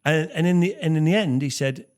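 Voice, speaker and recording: A man talking frankly on a podcast, his words tumbling out fast. He restarts his sentences often and sounds earnest. His voice sits a touch high. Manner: earnest, halting, many restarts. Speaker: podcast co-host. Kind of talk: candid conversation.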